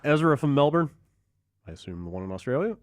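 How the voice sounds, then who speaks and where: A man's voice: a little high, big pitch swings, quick pace, no echo, clean studio sound. A man hosting a podcast and reading listener emails aloud in a wry way. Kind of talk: casual chat.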